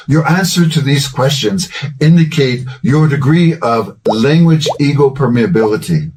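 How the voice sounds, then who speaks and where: A man in his sixties or older, giving a measured, scripted educational talk as a language-learning host. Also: mid-range voice, recorded from a distance, slight background noise, low-quality recording. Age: 60s or older. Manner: measured, explanatory delivery.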